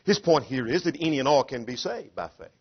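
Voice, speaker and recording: A man's voice: mid-range voice, animated, a little fast, slightly rough. A man preaching an expository sermon, emphatic and driven by rhetorical questions, acting out the quoted voices. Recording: dull lo-fi sound.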